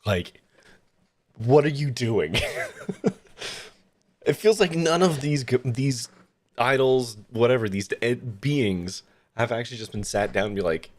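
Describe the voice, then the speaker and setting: A man's voice: medium pitch, measured pace, long pauses. A man streaming a game, ranting casually with lots of swearing and laughter. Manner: profane, laughing, animated rants. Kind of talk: casual let's-play commentary.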